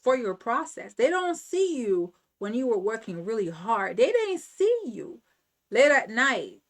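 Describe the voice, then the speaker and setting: Woman doing a slow motivational pep talk, highish voice, keeps repeating herself, preachy. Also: very animated. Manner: emphatic, repetitive, preaching. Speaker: channel host. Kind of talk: motivational self-help talk.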